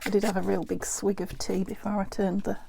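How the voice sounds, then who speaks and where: A woman's voice: medium pitch, level tone, fairly quick, gravelly, mellow, slightly rough. A woman from the UK chatting casually as she works at her craft desk at home, thinking aloud and talking to herself, a little out of breath. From United Kingdom. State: breathing heavily. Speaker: crafting video host.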